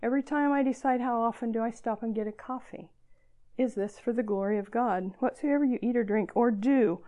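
A woman's voice: fairly high pitch, a little fast, warm tone. An older woman over sixty giving an earnest church talk to girls, emotional at times and self-deprecating. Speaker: speaker addressing girls at church gathering. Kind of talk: sermon.

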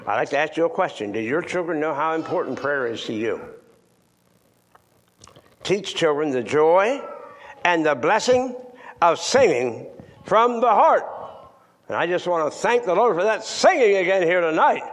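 An older man preaching in a church, moving between loud emphatic lines and hushed near-whispers. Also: a little high, big pitch swings, measured pace, long pauses. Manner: old-fashioned scripture reading, repeats words for stress. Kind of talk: sermon.

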